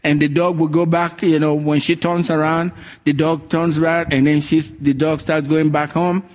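A male pastor delivering a sermon in a somewhat high voice. He tells stories with energy and acts out the voices of the characters. His delivery is lively and direct, pitched to a congregation. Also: moderate pace. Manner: animated storytelling, acting out quoted voices.

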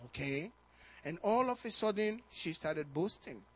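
Delivering a sermon at a moderate pace, this pastor has a high male voice. His personal anecdotes come out animated, full of repeated words, and his excitement keeps rising.

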